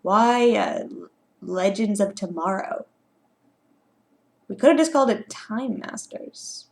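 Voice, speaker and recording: A woman's voice: mid-range voice, takes it slowly, creaky. A young woman vlogging her reaction, rambling and fretful, now and then dropping into whispered asides. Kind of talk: casual reaction vlog.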